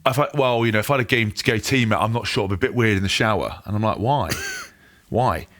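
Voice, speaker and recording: Bright-voiced animated man. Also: on the low side, fast. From England. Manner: animated, jokey, self-interrupting. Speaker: podcast co-host, former rugby player. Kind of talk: casual chat.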